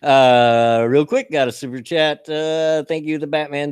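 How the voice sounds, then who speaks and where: An American man hosting a casual live-stream chat, folksy and quick to laugh. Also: fairly high pitch, little pitch movement, clear, resonant tone, no echo, clean studio sound. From United States. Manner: laughs easily, folksy and chatty. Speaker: host.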